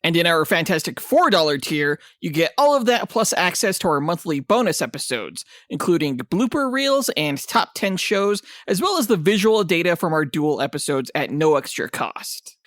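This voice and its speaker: An enthusiastic man co-hosting a comic book podcast, chatting eagerly about upcoming projects. His voice sits a bit higher than most men's. The sound is close and dry. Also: big pitch swings, normal speed, few pauses, a bit bright, dry recording. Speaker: podcast co-host. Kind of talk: casual podcast chat.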